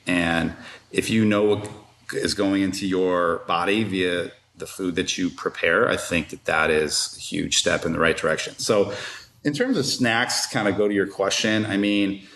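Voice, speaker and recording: A man with a low voice talks in a relaxed, practical way as a podcast guest. The room gives his voice a roomy echo. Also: moderate pace. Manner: relaxed, practical, many fillers. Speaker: strength coach, guest. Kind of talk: casual interview chat.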